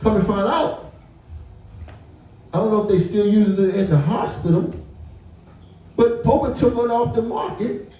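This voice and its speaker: The victim's uncle speaks in a high-pitched voice, unhurried and pausing often, while telling an emotional story. Animated, he acts out the scene, restarting and repeating words as he stumbles. The recording is very echoey, with his voice picked up from a distance.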